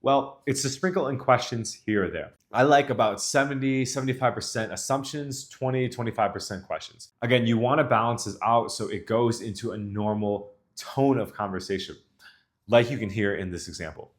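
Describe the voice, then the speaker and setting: A young man coaching other men on dating, talking to camera in a confident, even tone that ends his sentences low. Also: moderate pace. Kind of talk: instructional talk to camera.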